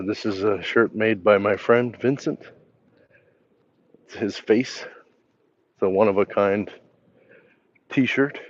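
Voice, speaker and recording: Slow, easygoing man on a phone livestream. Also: lowish voice, dull audio. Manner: unhurried and easygoing, with pauses and fillers. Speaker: livestream host. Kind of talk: casual livestream chat, reading viewer comments aloud. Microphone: handheld phone.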